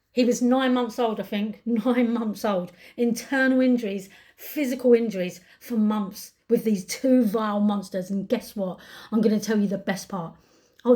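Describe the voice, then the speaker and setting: A British woman vlogging straight to camera, her fairly high voice strained with anger and distress. She circles back on her words, repeating them as she vents. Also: darkish tone. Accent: British English. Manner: upset, angry ranting with repeated words. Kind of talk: emotional commentary to camera.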